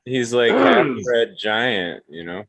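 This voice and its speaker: A man's voice: mid-range voice, huge pitch swings, slow pace, creaky, fairly bright tone, dull audio. A man in a casual group chat who asks questions and teases the others.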